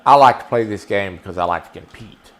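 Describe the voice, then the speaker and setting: A man's voice: fairly low pitch, a little fast, a bit bright. A man giving casual, folksy live-stream commentary while playing a baseball video game and chatting with viewers. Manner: folksy, chatty, talks to the chat.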